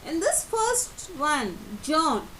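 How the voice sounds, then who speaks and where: Woman grammar teacher, bright and lively pitch, reads examples and explains them step by step. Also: very slow, slight background noise, poor audio. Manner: reads example sentences then explains them, non-native grammar slips. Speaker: English teacher. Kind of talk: slow explanatory grammar lesson.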